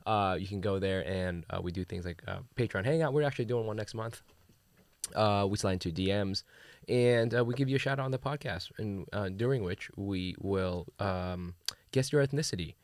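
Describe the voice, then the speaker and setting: A man in a dry, close studio sound, hosting a relaxed chat podcast. His voice sits a bit low and comes out soft because he is recovering from a cold. He jokes easily and fills pauses with ums and uhs. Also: no room sound. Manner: laid-back, joking, many filler ums. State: getting over a cold, speaking softly. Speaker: podcast host. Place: studio in Brooklyn.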